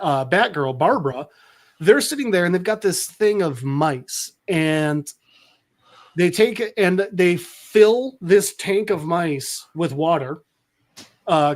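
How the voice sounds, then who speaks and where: A man hosting a podcast, recapping a comic in a casual, rambling way with lots of fillers. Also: sits high. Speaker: podcast host.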